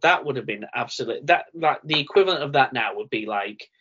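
A man's voice: medium pitch, animated, fairly quick, a bit bright, husky. A man hosting a casual podcast chat, leading the segments and quoting lines with emphasis. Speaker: podcast host. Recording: dull lo-fi podcast audio.

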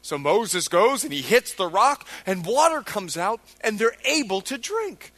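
High-voiced, bright-toned male pastor preaching. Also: big pitch swings, a little slow. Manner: preaching with dramatic voices for biblical figures, emphatic. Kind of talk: sermon.

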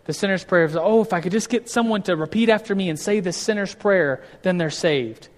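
A man's voice: high voice, brisk. Man preaching in a reverberant hall. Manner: conversational, with many restarts and acted-out quotes. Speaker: pastor. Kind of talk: casual teaching sermon.

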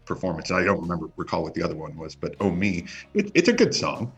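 A man's voice: low-pitched, sing-song, quick pace, husky. A man co-hosting a casual music podcast, rambling with many restarts and fillers. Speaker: podcast co-host.

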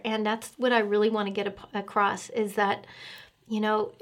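A middle-aged woman earnestly telling her personal faith story, emotional and pausing often with fillers. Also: medium pitch, flat delivery. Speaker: guest sharing testimony.

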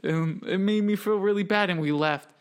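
A man's voice: high-pitched, moderate pace, clear, resonant tone. A young man in casual chat, rambling through an anecdote with lots of "like" and "dude". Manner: rambling and self-conscious, full of "like" and "dude".

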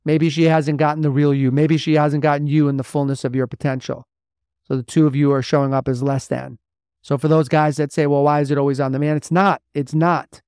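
A man's voice: a little high, flat delivery, brisk, a little mellow, clean tone, no echo, clean studio sound. A man hosting a motivational podcast as a mentor to men, talking bluntly and emphatically with lots of repetition. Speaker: podcast host and men's mentor.

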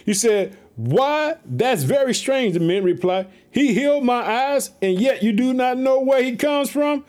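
A man with a high voice reads scripture and preaches on it, talking straight to his listeners. He repeats himself and drops into casual slang. He swings from raised, quick bursts to low, slow asides. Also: lively intonation, darkish tone. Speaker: preacher reading and explaining scripture. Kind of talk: lively Bible reading with commentary.

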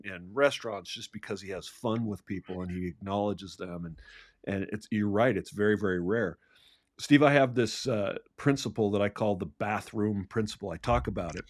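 Male host, low voice, hesitant repeats, dry booth sound. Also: no echo. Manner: halting, repeats words while thinking. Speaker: podcast host. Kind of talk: conversational interview.

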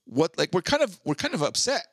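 A man's voice: high voice, brisk, slightly rough, no echo. A man co-hosting a casual podcast, talking in an easygoing way and often chiming in with short agreements. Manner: relaxed, chimes in with short agreements. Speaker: podcast co-host. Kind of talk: casual chat.

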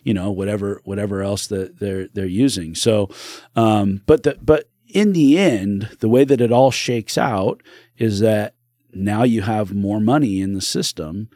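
A man's voice: lowish voice, measured pace, mellow, no echo, studio quality. A man who is a real estate broker and podcast guest, talking in an earnest, rambling way with restarts. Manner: earnest, rambling with restarts, acts out quoted voices. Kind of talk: casual interview talk.

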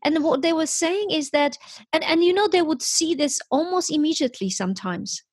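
A woman telling stories in conversation, animated and quoting other people, with frequent restarts. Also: high voice, normal speed, no echo. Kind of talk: conversational storytelling.

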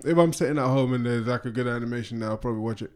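A man talks films in a loose, rambling way, circling back and restarting his thoughts as he goes. He laughs easily and sounds relaxed and unscripted, with a mid-range voice. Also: mid-range voice, rapid-fire, clean tone. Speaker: podcast co-host. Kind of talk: casual film review chat.

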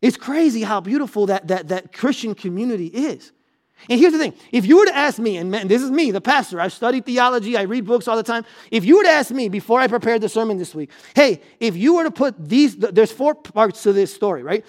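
A man's voice: high voice, expressive, fast talker. A man preaching a sermon as pastor, talking conversationally with the congregation, checking in with them and repeating words as he builds a point.

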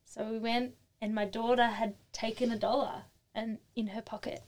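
A middle-aged Australian woman telling a story in casual chat, animated and chatty, laughing often and acting out what people said. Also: fairly high pitch, moderate pace, a little hiss or hum. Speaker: interview guest.

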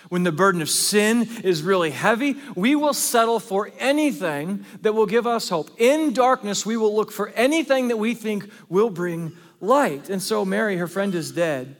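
A pastor with a fairly high voice delivers an earnest sermon, swinging from forceful emphasis to quiet, hushed asides. His words ring out with a long reverb in a large church hall.

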